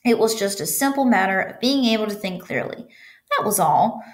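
A woman teacher reads a children's chapter book aloud, telling the story with animation and stopping to guide her students through the pages. Her voice is medium-pitched and moves at a normal speed.

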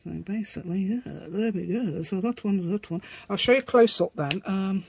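A woman's voice: medium pitch, normal speed, a little mellow, slight background noise. A woman chatting casually as she demonstrates a craft, rambling as she works and making asides to her dog. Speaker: craft vlogger.

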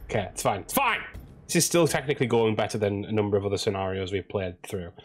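A man's voice: lowish voice, quick pace. A man doing let's play commentary, joking and self-mocking and swearing freely as he plays. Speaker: gaming streamer. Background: game music.

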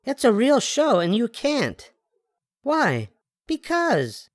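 An older man reading a storybook aloud, putting on a high falsetto voice for a bossy, theatrical little girl who fancies herself a star. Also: wildly swooping pitch, slow pace, no room sound, full character voice.

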